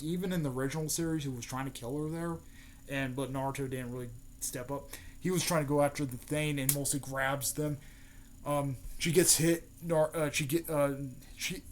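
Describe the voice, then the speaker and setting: A man's voice: fairly high pitch, a little hiss or hum. A young man casually rambling through fan speculation, swearing often and leaning on fillers. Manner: rambling, profane, many fillers. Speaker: fan video host.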